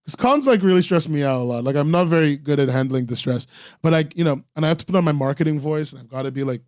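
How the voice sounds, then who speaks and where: A man's voice: on the high side, lively intonation, quick pace, darkish tone, no room sound, studio quality. A man hosting a webcomics podcast, chatting casually and rambling with lots of ums and laughs, tired after a long convention. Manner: rambling, self-deprecating, frequent ums and laughs. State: tired, sore from three days at a convention. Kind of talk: casual solo chat.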